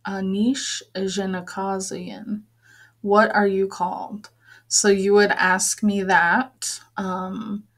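A woman teaching a vocabulary lesson, patiently repeating each word and explaining it, with frequent pauses and fillers. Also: medium pitch. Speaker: language teacher. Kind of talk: slow, careful vocabulary lesson with repeated words.

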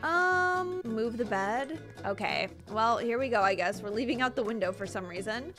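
A young woman talks through a video game in a chatty, giggly way. Her voice is high and very lively, leaping up at surprises. She reacts loudly and laughs often. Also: moderate pace, faint music behind. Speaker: gaming video host. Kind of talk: gameplay commentary.

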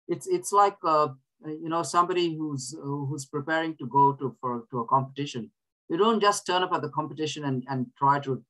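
A man's voice: a little high, fairly bright tone, low-quality recording. A man leading a group, reading scripture and teaching in an earnest way, often restarting his words. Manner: asks listeners to repeat verses. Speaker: prayer group leader.

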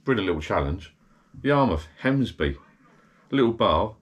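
Low-voiced rambling man. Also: big pitch swings, a little slow. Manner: rambling, digressive, chatty. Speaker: vlogger. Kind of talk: casual rambling chat. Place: backyard garden bar shed.

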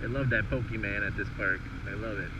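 A man's voice: lowish voice, steady tone, fairly quick. A man giving casual, laughing commentary while riding along outdoors, swearing and exclaiming with amusement. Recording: lo-fi with loud road noise.

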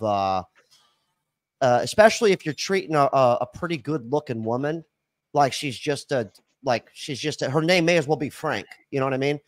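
A man's voice: medium pitch, no echo. A man hosting a podcast in casual chat, rambling with lots of fillers and restarts. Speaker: podcast host.

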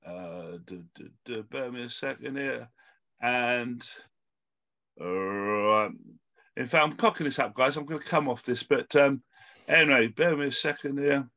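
A man's voice: mid-range voice, a little slow, bright, forceful tone, highs cut off. A man hosting an online panel discussion over a video call, talking in a hesitant way with many ums and restarts. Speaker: host.

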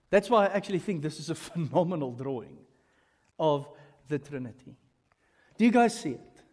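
A man preaching a sermon as pastor, teaching in an animated way and turning often to the congregation with asides. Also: high-pitched. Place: church hall. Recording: long reverb of a church hall.

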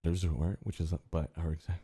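A male streamer in casual chat, animated, swearing freely and often restarting his sentences. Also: deep voice, fast talker, breathy edge.

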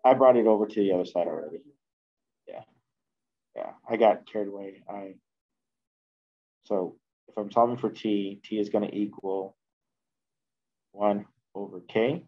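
A man teaching a chemistry class, working through math slowly out loud and correcting himself as he goes. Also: on the low side, highs cut off. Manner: slow, thinking aloud while working math at the board, self-correcting. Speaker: chemistry instructor. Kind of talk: classroom lecture.

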